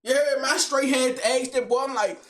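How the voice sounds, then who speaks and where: A young man rambling through a comedic vlog monologue in slangy street talk, animated and joking. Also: very high-pitched, a little fast. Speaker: vlogger.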